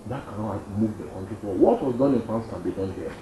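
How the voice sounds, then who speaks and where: A young man with a Nigerian accent, an activist answering interview questions emphatically and repeating his points. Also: fast. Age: young adult. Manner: emphatic, repeats points, lively pitch swings. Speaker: activist guest. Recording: dull roomy studio sound, faint noise.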